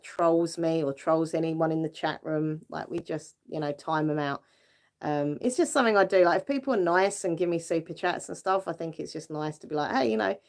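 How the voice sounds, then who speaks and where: A British woman hosting a casual livestream, chatting with viewers in a giggly way and using lots of fillers. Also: lowish voice. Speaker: livestream host. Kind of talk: casual live chat with viewers.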